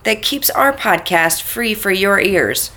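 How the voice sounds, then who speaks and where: A woman's voice: medium pitch, animated, slow pace, bright, forceful tone. A woman co-hosting a podcast in a casual chat, giggly and self-deprecating as she reads out thanks. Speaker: podcast co-host.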